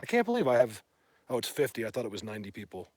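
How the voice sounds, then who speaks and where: A man livestreaming from a phone in a mountain wilderness, chatting to viewers in a rambling, excitable way as a bigfoot hunter. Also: medium pitch, rapid-fire, no room sound. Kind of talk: casual live stream chat. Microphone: phone held by hand.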